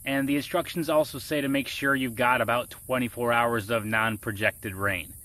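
A man's voice: mid-range voice, steady tone, normal speed, pushed and bright. A man talking casually outdoors in his garden, explaining a gardening task step by step. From Florida. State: muffled by a face mask. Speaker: gardening vlogger. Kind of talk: casual how-to vlog.

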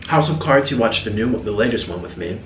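A man's voice: on the low side, fairly quick, recorded from a distance, slight background noise. A man telling a casual story while eating on camera, chatty and dramatic. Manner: chatty, animated, dramatic asides. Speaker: mukbang vlogger. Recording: roomy echo, set back from the mic.

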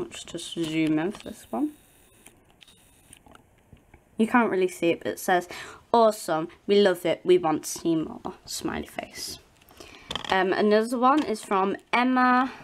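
A British woman hosting a doll channel reads her viewers' messages aloud. She trips over unfamiliar names and apologises a lot. Her delivery is unsure and halting. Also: medium pitch, slight background noise. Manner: hesitant, apologetic, stumbles on names. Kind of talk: reading fan messages aloud.

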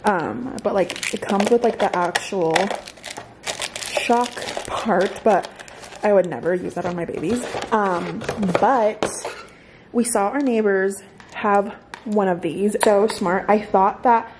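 Speaking slowly at a medium pitch over background noise, this woman is vlogging at home with a handheld camera. The mother of two sounds a little winded and chats aimlessly, leaning heavily on filler words.

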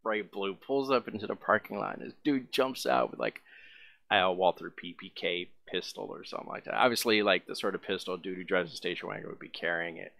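A man's voice: on the low side, brisk, creaky, a bit bright. A man casually telling a long, rambling story as a vlogger, full of fillers.

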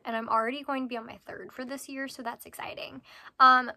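Chatty bright-voiced young woman book vlogger. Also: on the high side. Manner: chatty, rambling, with many fillers and self-corrections. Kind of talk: casual book talk to camera.

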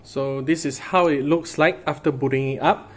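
Male tech vlogger, relaxed chatty narration, slightly high pitch. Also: normal speed. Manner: chatty, often starts with "so", hedges with "I assume". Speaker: tech reviewer. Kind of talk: casual product showcase narration.

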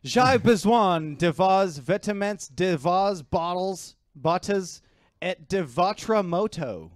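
A man imitating a stiff, slow-talking male movie cyborg, reciting lines in clumsy, deliberate French. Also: sits high, expressive, no echo, clean studio sound. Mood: deadpan. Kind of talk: comedic movie-quote impression.

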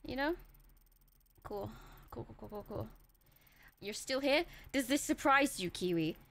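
A woman's voice: a little high, expressive, unhurried, vocal fry, fairly bright tone. Joking, foul-mouthed woman streamer. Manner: joking, sarcastic, swears freely. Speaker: streamer playing a horror game. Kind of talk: casual live-stream commentary. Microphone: headset.

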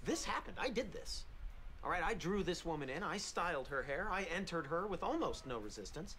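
A man's voice: a little high, big pitch swings, fairly quick, fairly bright tone, a little hiss or hum. An actor playing an intense, self-absorbed man who talks insistently. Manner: insistent, emphatic.

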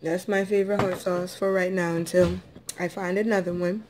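A woman's voice: on the low side, little pitch movement, moderate pace, background noise. A woman chatting casually in an eating vlog, drawling and chatty with lots of ums, as dishes and cutlery clink behind her. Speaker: food vlogger. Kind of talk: casual mukbang eating chat.

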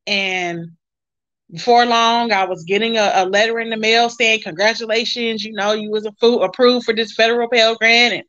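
A woman telling her life story in a casual, animated way, acting out remembered voices. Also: a little high, muffled recording.

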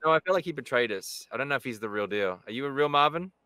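Brief: quick, lively male voice actor joking through a game. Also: medium pitch, smooth, no echo. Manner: fast, joking and playful. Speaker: voice actor guest. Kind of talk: casual gameplay chat.

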